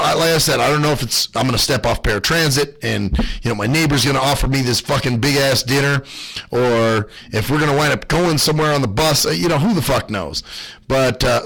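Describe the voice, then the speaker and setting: A man's voice: creaky, poor audio. A man hosting his own radio show, talking in a loose, rambling monologue full of swearing and gripes. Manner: profane, ranting, lively swings in pitch.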